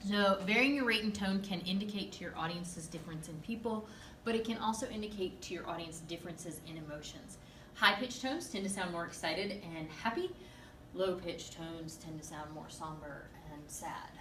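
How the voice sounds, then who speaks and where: A woman in her thirties, a speech teacher, giving a lively, emphatic classroom lecture with playful asides to her students. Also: on the low side, moderate pace, slight background noise. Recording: echoey classroom from far off, faint ambience.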